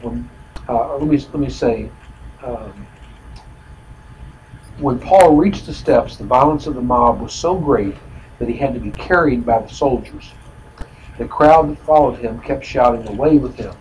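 A man teaching a Bible study in a conversational way, often pausing to explain and correcting himself with fillers. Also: medium pitch, a little hiss or hum, poor audio. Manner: self-correcting with frequent fillers.

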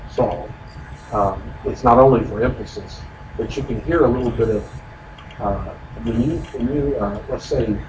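A man leads a relaxed Bible study, explaining the text in a folksy, chatty way full of asides. He sounds distant from the mic, in an echoey room with steady noise behind him. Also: medium pitch. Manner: explanatory, folksy, frequent "you know" asides. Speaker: Bible teacher. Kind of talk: conversational Bible study teaching.

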